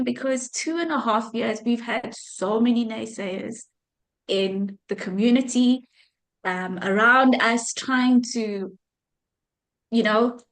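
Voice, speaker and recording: A woman from South Africa giving a heartfelt, effusive thank-you speech to her community on a video call, repeating her thanks again and again. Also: a little high. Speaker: community leader.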